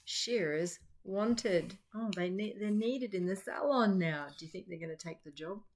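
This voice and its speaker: A middle-aged Australian woman and teacher reading a picture book aloud to children, with chatty, lively asides. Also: medium pitch, brisk. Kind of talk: children's storytime read-aloud.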